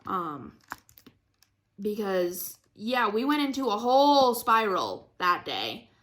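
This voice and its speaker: A woman's voice: mid-range voice, big pitch swings, takes it slowly, a bit bright, a little hiss or hum. A young woman chatting casually about her week while crafting, rambling with lots of fillers and frequent laughs. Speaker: craft vlogger.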